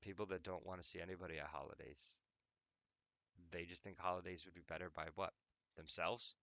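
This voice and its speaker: A man's voice: low-pitched, steady tone, fairly quick, vocal fry, fairly bright tone, no room sound. A young adult man hosting an audio podcast, talking casually in a rambling, profane, joking way. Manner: rambling, profane, jokey, many "like"s. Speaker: podcast host. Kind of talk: casual monologue.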